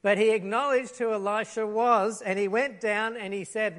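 A man preaching a sermon, telling a Bible story in a lively way, acting out the lines and using props. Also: high-pitched, normal speed.

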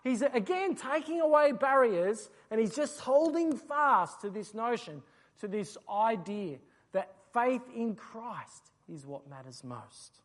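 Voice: mid-range voice, expressive, slow pace. A preacher giving an expository sermon, explaining a passage and asking rhetorical questions.

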